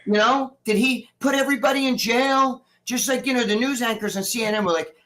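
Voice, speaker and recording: A man's voice: very high-pitched, brisk, few pauses, sharp tone. A middle-aged man chatting on a live stream, ranting in a heated, rambling way with lots of swearing. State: recovering from surgery. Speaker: guest. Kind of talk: casual live-stream chat.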